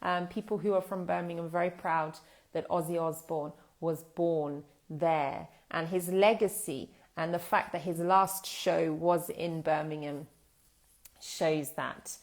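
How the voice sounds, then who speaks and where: Lower-voiced British woman teaching English. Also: fairly even intonation, measured pace. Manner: explanatory, thoughtful, with fillers and restarts. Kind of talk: live online English lesson.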